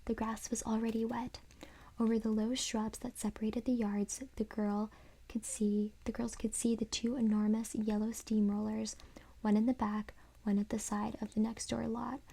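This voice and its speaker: A woman reading a children's horror story aloud in a soft, unvoiced whisper, as whispered role-play. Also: fairly high pitch, level tone, moderate pace, vocal fry, breathy edge. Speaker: ASMR reader.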